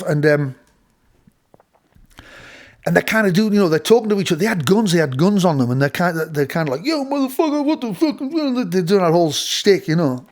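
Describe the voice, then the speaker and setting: A man's voice: a little high, darkish tone. A middle-aged man, telling a rambling studio story with many restarts and playful voice impressions. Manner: rambling, full of restarts, mimics voices with laughter. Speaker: host. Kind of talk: casual storytelling.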